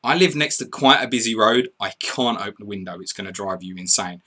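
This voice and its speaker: A man hosting a live stream, chatting casually, reading out score updates and viewer messages in an excitable way. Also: fairly low pitch, fairly quick. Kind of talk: casual live commentary and chat.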